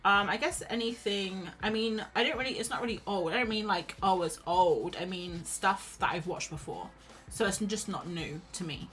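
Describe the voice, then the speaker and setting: Bright-voiced woman chatting while painting. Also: mid-range voice, normal speed, low-quality recording. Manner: chatty, rambling, self-deprecating. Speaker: art streamer. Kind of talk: casual chat while painting.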